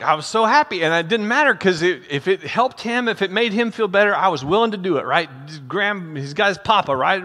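A man's voice: high-pitched, pushed and bright. An older man preaching a storytelling sermon as a pastor, speaking conversationally and calling his listeners friends. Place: church sanctuary. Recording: long hall reverb in a church.

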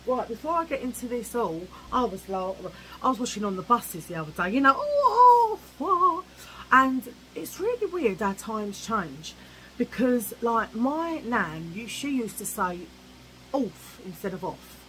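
A woman's voice: on the high side, very animated, normal speed, a bit bright, slight background noise, poor audio. A woman ranting cheekily to camera in a casual vlog, chatty and opinionated. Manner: chatty, cheeky, ranting, mimics old-fashioned voices. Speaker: vlogger.

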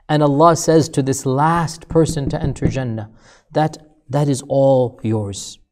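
A man's voice: a little high, normal speed, a little mellow. A man giving a sermon-style lecture, telling a story with building emphatic repetition and asking listeners rhetorical questions. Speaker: Islamic lecturer.

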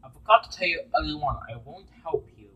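A proud male engine argues indignantly, as a man voices him in a homemade story. His talk stumbles over words and rises and falls in lively swings, with a husky tone. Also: fairly high pitch, a little fast, full character voice, poor audio.

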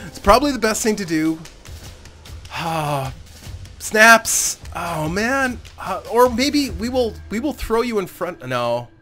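A man talks his way through a strategy game in a casual, rambling way, chuckling to himself as he goes. His voice is bright and forceful, sitting a little high for a man, and it swoops up and down a lot. Faint game music plays quietly behind him. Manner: chatty, rambling, often laughing to himself. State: recovering from a cold. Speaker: let's play host. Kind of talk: casual gameplay commentary.

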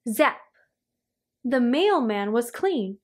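A woman reading a children's storybook aloud, in a clear storytelling manner. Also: a little high, animated, unhurried. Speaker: storybook reader.

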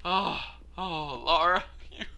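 Gamer guy, slow drawn-out rants that swing wildly in pitch, exasperated and cursing. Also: animated, sharp tone. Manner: frustrated, laughing, cursing rants. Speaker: let's play gamer. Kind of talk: gameplay commentary.

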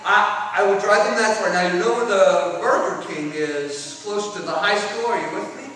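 A middle-aged man giving an animated storytelling talk at a conference, sometimes shouting out parts of his stories. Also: sits high, moderate pace. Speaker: conference speaker. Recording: echoey hall from far off.

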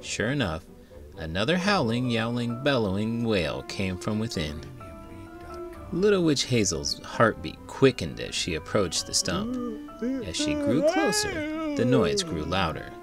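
A man, an elementary school teacher, reading a children's book aloud in an animated, playful way. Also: mid-range voice, a little slow, over music.

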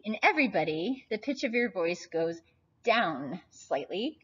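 A woman in her forties giving a recorded anatomy lecture, chatty and often checking in with "right?". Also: medium pitch. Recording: slightly dull, lo-fi audio.

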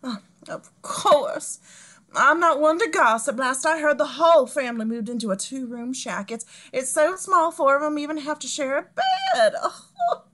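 Eine Frau, die eine tratschende, snobistische Erbin mit dickem Südstaatenakzent in einer komödiantischen Lesung spricht. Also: female voice, high-pitched, big pitch swings, moderate pace, fairly bright tone. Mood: gossipy, gushing. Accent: Southern US. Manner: chatty, affected, gossipy. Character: gossipy, snobbish Southern heiress, woman. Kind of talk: comedic table read.

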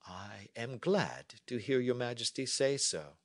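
A man's voice: medium pitch, expressive, measured pace, voice pushed up. A man reading as a cold, formal detective. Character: cool, reserved male detective. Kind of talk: storybook reading for learners.

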